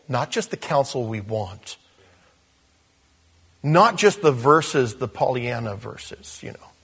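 A man's voice: medium pitch, breathy edge. A man preaching a sermon as pastor in a conversational style, with asides, repeated phrases and self-interruptions.

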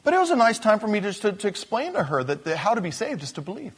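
A man preaching a conversational sermon, swinging between loud emphasis and soft asides. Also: sits high, sing-song, fast, slightly rough.

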